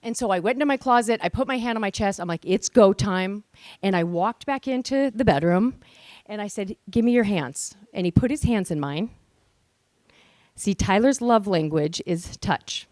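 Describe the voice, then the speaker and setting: A woman's voice: medium pitch, lively intonation, moderate pace, darkish tone, no room sound. Earnest woman telling a personal story. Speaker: speaker at a women's event. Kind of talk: motivational speech. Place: event hall with live audience.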